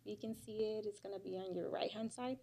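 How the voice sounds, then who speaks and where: A woman's voice: medium pitch, steady tone, fairly quick, mellow. A woman giving public comment at a county hearing as a neighbor, speaking hesitantly with many fillers.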